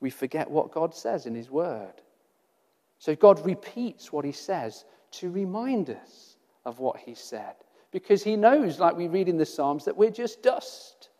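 Male preacher, high-pitched and earnest, rhetorical questions and repetition, recorded with long reverb. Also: sing-song, a little slow, darkish tone. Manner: earnest, rhetorical questions, repeats phrases for emphasis. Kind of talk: sermon.

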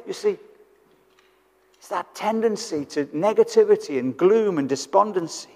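A man's voice: high voice, expressive, a little fast, vocal fry, darkish tone. A British man preaching a sermon in church, conversational and fond of rhetorical tag questions. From Britain. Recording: church hall with long reverb.

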